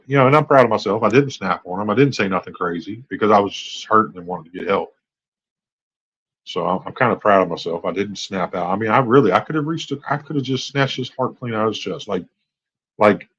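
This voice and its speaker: Man in his forties, husky voice, lowish pitch, candid rambling late-night stream talk, dull lo-fi audio. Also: a bit bright. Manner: candid, rambling storytelling with rising exasperation. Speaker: host.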